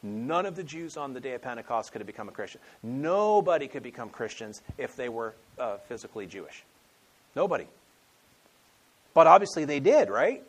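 A man's voice: medium pitch, slightly rough. Conversational man preaching a sermon. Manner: conversational storytelling, acts out quotes, frequent restarts. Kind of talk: expository sermon.

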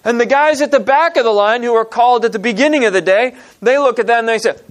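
Male pastor, high voice, lively sermon delivery, plays out the story's characters. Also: fast. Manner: animated storytelling, acts out parable characters in grumbling voices.

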